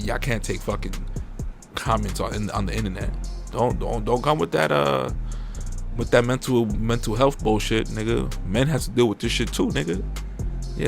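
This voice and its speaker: A young man, hosting a podcast in a profane, animated rant that jumps into mocking high-pitched impressions. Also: gravelly. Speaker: podcast host. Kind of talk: casual uncensored podcast rant.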